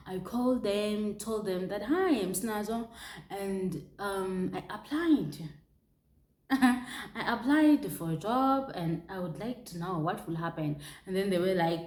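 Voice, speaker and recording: A young woman with a South African accent tells a personal story in a candid, animated way. She restarts her sentences and drops in local exclamations. Her mid-pitched voice rings in a noticeably echoey room. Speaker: vlogger.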